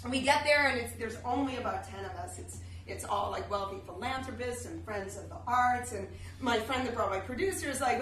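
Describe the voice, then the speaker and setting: A woman in her thirties tells a comic story on stage, chatty and self-deprecating. Her voice sits high and bright. The live recording is distant and roomy, with faint noise. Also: fairly quick, hardly any pauses. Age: 30s. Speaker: solo stage performer. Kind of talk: solo comedy storytelling. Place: theater stage.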